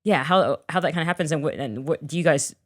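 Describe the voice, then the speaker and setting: A woman's voice: deep voice, quick pace. A woman co-hosting a podcast, asking questions in a rambling, enthusiastic way with many restarts. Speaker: podcast co-host. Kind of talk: casual interview chat.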